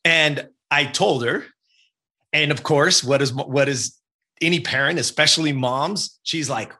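Earnest husky man in his fifties. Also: fairly high pitch, a little slow, sharp tone. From Southern California. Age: 50s. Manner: earnest and emphatic, keeps asking "right?". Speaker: guest telling a personal story. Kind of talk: motivational personal storytelling.

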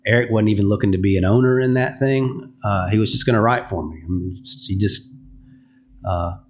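A music publisher speaks briskly in a lowish voice during a podcast interview, telling candid stories and acting out what people said to him.

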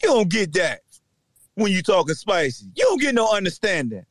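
A man hosting a sports podcast, delivering a loud, taunting trash-talk rant with shouting bursts. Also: high voice, very animated, moderate pace, dry recording. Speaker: podcast host.

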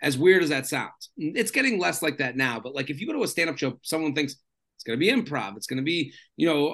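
Brief: male comedian guest, casual chat, slightly high, gravelly tone, loose and rambling. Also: brisk. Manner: rambling, filler-heavy, animated storyteller.

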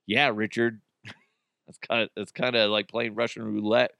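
A man's voice: fairly low pitch, little pitch movement, moderate pace, vocal fry, fairly bright tone, clean tone, dry recording, clean studio sound. Crude joking male podcast host. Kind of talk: casual comedic podcast monologue.

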